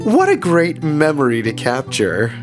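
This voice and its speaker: An actor playing a cheerfully devout male radio host who delivers grim news in a bright, chatty way. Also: fairly high pitch, huge pitch swings, unhurried. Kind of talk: scripted radio drama narration. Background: faint guitar music.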